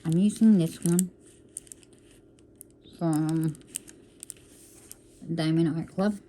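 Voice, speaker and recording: A woman's voice: sits low, fairly even intonation, drawn-out words, dark tone, a little hiss or hum. A woman vlogging casually while she works on a craft, calling her viewers y'all and often breaking off to apologize or talk to herself. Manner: chatty, calls viewers y'all, apologetic asides; talks to herself while working. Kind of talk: casual chat while diamond painting.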